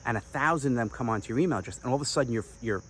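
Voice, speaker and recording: Upbeat male coach, mid-pitch voice, talks straight to camera with a salesy, playful energy, faint background hiss. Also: very fast, a bit bright. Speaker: online business coach. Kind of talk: direct-to-camera advice talk.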